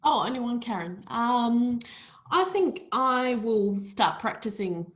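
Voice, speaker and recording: A woman attending an online meetup over a video call, speaking in a measured way with many pauses. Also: a little high, lively intonation, rough recording.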